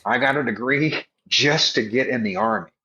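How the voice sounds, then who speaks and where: A man's voice: mid-range voice, moderate pace, pushed and bright. Middle-aged male chaplain, emphatic folksy storyteller, slightly muffled recording. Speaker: army chaplain guest. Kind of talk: casual podcast storytelling.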